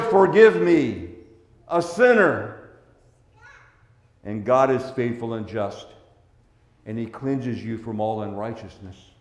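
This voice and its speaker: A man preaching a sermon as a pastor, swinging between hushed, tender passages and loud, forceful ones. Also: medium pitch, reverberant.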